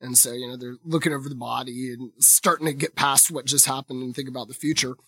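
Husky-voiced man recapping a comic. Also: medium pitch, steady tone, fast, sharp tone, no echo, clean studio sound. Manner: chatty, recaps the plot with many fillers. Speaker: podcast host. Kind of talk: casual comic book discussion.

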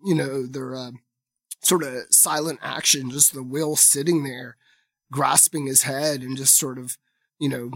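A man's voice: mid-range voice, fairly even intonation, unhurried, vocal fry, a bit bright, dry recording, studio quality. A man hosting a casual comic book discussion podcast, recapping the plot in a chatty way with plenty of fillers. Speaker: podcast host.

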